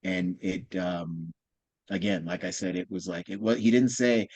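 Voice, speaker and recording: A man, a guest on a podcast, telling a personal story in a quiet, heartfelt, reflective way. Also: low voice, unhurried, slightly rough, no room sound. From United States.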